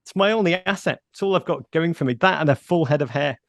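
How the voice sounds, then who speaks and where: A man's voice: on the high side, fast, gravelly, no room sound. A middle-aged man with a Northern English accent, chatting as a radio guest and telling stories with playful self-mockery. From north of England. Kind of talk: casual radio chat.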